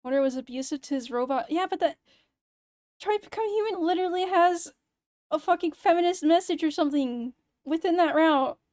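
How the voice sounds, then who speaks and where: A woman's voice: very high-pitched, brisk, a little mellow, dry recording. A young woman streamer in casual livestream chat, ranting sarcastically and swearing freely into a close mic. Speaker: VTuber streamer.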